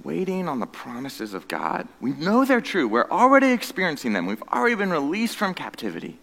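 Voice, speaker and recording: A man preaching a sermon as pastor, earnest, moving between loud emphatic stretches and hushed, low passages. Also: huge pitch swings, a little fast, creaky, long reverb tail.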